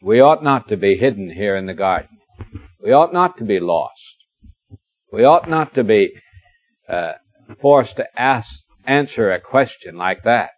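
Gently humorous preacher on old tape. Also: male voice, lowish voice, lively intonation, no echo. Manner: warm storytelling, gently humorous, reads scripture slowly. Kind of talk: expository sermon. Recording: dull lo-fi dry recording.

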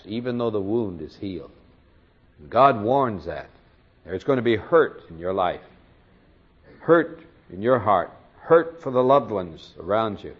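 A man's voice: on the low side, breathy edge, muffled recording. A man preaching an expository sermon as pastor, impassioned and swelling to cries in pleading passages.

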